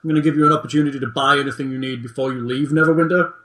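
A man's voice: medium pitch, fairly even intonation, very fast, fairly bright tone, reverberant. A man running a tabletop game as game master, explaining the setup with dry humor and reading boxed text aloud.

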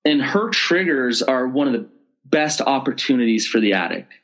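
A man's voice: medium pitch, expressive, normal speed, fairly bright tone, low-quality recording. A man speaking as an expert guest in an interview, explaining in an earnest way and acting out what people say to each other. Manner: earnest, explanatory, acts out quoted speech. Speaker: betrayal trauma expert guest. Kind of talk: conversational interview.

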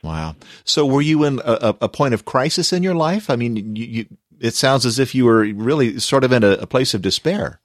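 A man hosting a faith show, asking questions and affirming his guest in a soft-spoken way. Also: mid-range voice, expressive, brisk, dry recording, clean studio sound. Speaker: radio show host. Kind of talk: interview.

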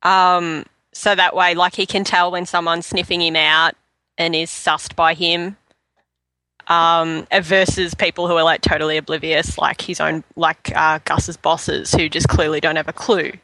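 A man's voice: on the high side, little pitch movement, unhurried, sharp tone, no echo, rough recording. A man on a casual podcast chat, musing and asking questions. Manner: inquisitive, musing.

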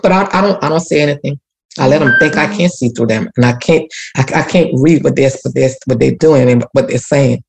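Speaking briskly in a very deep, gravelly voice, a community activist guest recounts an emotional personal story. Her church-rooted testimony is repetitive and includes talk of prayer.

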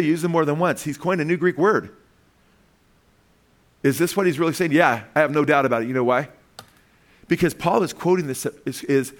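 A man preaching a sermon to his congregation, pausing to ask questions and walk them through slides word by word, with frequent "okay" and "right". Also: fairly high pitch. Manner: emphatic, asks the congregation questions. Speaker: pastor.

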